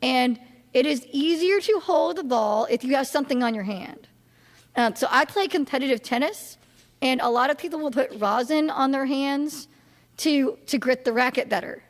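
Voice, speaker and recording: Chatty high-voiced woman lecturing. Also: moderate pace. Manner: chatty, many fillers and restarts, asks the audience questions. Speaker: political science instructor. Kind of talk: casual classroom lecture. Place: classroom or lecture hall. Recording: long hall reverb.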